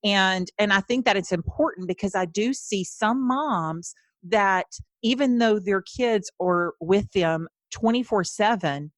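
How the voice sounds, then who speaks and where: A woman's voice: medium pitch, measured pace, dry recording. A middle-aged woman hosting a podcast, telling family stories in an earnest, casual way with frequent restarts. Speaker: podcast host. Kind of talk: casual chat.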